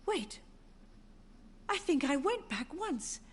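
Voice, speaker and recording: A woman's voice: high-pitched, sing-song, slow pace, slight background noise, full character voice. An actress playing a frail, confused elderly mother in a video game who drifts between tenderness and sorrow, with game music behind her. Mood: confused, tender. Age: older.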